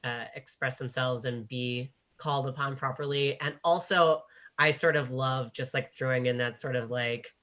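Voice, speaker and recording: Author guest on a panel, bright tone, rambling, lots of fillers, laughs a lot. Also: medium pitch, fairly even intonation, moderate pace. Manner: rambling, heavy with filler words, laughs often. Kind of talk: casual panel talk.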